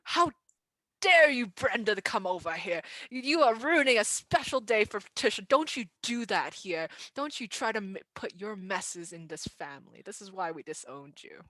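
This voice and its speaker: A domineering father, as a woman running a tabletop game puts him on, scolding in clipped reprimands. The voice stays bright and close in a dry room. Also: mid-range voice, expressive, moderate pace, dry recording, natural voice, poor audio. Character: stern domineering father, older man, cold and controlling.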